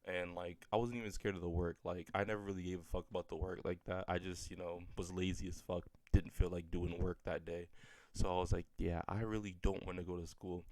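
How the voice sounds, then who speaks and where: A man's voice: sits low, flat delivery, brisk, darkish tone, no echo. A young man telling a personal story in a rambling, profane way, full of filler words. He is a little sick, and his voice sounds slightly off. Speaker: storyteller vlogger. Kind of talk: casual storytelling.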